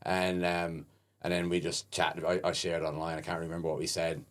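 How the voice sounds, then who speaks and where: A man hosting a podcast, telling stand-up stories in a casual, animated way and acting out the people in them. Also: deep voice, normal speed, a little hiss or hum. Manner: animated storyteller who acts out the people in his stories. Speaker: podcast host and stand-up comedian. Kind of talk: casual chat.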